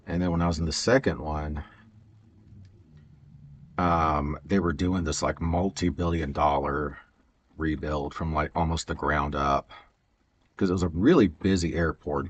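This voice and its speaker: A man's voice: low voice, slight background noise. A man chatting casually and rambling while he works on a Lego build, hesitant, with many fillers and stutters and frequent chuckles. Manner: chuckles often.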